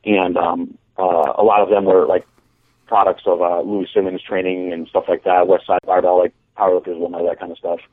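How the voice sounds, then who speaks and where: A man's voice: deep voice, flat delivery, brisk, dry recording. A man in a casual podcast chat, telling a long story and often restarting his sentences. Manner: rambling, repeats words when starting sentences. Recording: dry, phone-like call audio.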